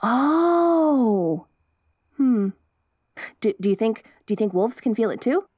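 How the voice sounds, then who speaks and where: A woman's voice: fairly high pitch, big pitch swings, slow, darkish tone, husky, dry recording, exaggerated voice. A young woman voicing a perky, curious wolf girl in an ASMR role-play, bubbly and giggly with restless chatter.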